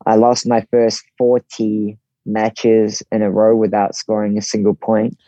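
A man in his forties with a New Zealand accent, a podcast guest telling his story in an easygoing, relaxed way and acting out what others said. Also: lowish voice, a little slow, no room sound. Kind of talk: casual storytelling interview. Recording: dull, slightly lo-fi dry sound.

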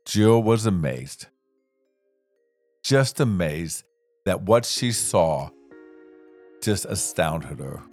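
Slow, expressive male storyteller. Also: deep voice, dry recording, faint music behind. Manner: gentle, unhurried, expressive. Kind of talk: children's story narration.

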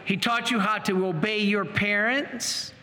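A man's voice: high-pitched, fairly even intonation, a little slow, bright, forceful tone, a little hiss or hum. A priest voicing an elderly bishop who patiently questions a young boy, in an echoey church. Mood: earnest.

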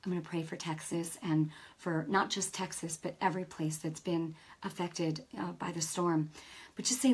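A woman's voice: fairly low pitch, fairly even intonation, moderate pace, breathy edge. A woman preaching a casual, conversational sermon, emotional and full of asides and restarts.

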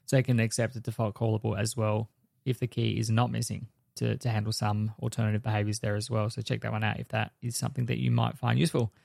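Low gravelly man reading tech updates. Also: fast, no echo, clean studio sound. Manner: steady, explanatory, lists changes methodically. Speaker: podcast co-host. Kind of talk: technical news rundown.

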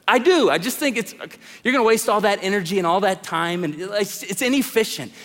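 Middle-aged guy preaching hard, high voice, big hall echo all around. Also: animated, fairly quick. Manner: impassioned preaching, swings between loud calls and hushed lines. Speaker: pastor. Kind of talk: sermon. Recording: long reverb of a large hall.

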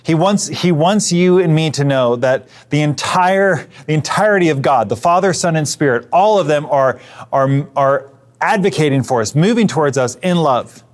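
A man's voice: on the high side, expressive, normal speed. Earnest conversational pastor, man. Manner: earnest, conversational, with frequent restarts and hushed asides. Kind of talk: sermon.

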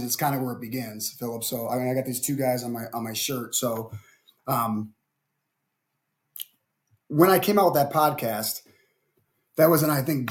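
A middle-aged man from Ohio, a podcast guest telling a story animatedly with stammering restarts. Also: medium pitch. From Ohio, USA. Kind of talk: conversational interview.

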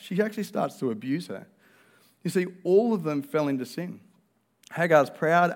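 A male pastor, preaching a sermon in an earnest, conversational way. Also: fairly high pitch.

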